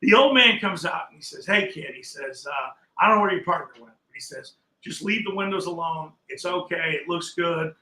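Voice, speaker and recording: Older man, animated storyteller, high bright voice, roomy echo. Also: normal speed, few pauses. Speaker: podcast guest. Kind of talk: casual storytelling in a chat.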